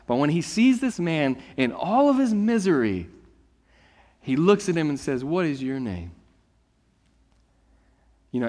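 Animated preacher in a reverberant church. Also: male voice, mid-range voice. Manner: animated storytelling preacher, reads scripture then riffs conversationally. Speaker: pastor. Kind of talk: sermon.

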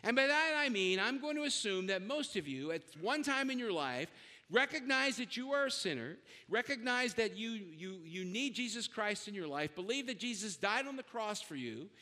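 A man's voice: high voice, sharp tone, long reverb tail. A male pastor preaching a sermon in a conversational way, with self-deprecating asides.

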